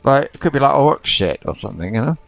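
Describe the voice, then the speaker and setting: A man's voice: medium pitch, sing-song, fast talker, gravelly, dry recording, faint music behind. A man casually commentating as he plays an online role-playing game, muttering to himself, thinking aloud and spelling out words into a desk microphone. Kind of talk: casual let's-play commentary.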